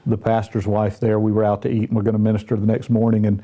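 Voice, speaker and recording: Pitched on the low side, his mellow voice stays level and moves at a quick clip. He's a middle-aged Southern US minister trading folksy, self-deprecating tales in a relaxed Christian talk show conversation.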